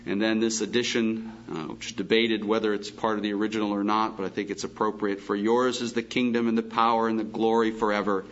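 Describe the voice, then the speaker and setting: A male pastor preaching a Bible teaching sermon, reading scripture slowly and breaking off for emphatic asides. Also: on the low side, level tone, highs cut off, slight background noise.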